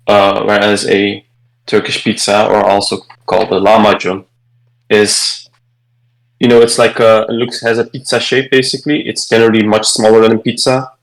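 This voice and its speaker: A man's voice: lowish voice, vocal fry, poor audio. A man chatting casually in an online book club call, explaining things loosely with lots of fillers and restarts. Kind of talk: casual online group chat. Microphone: video call microphone.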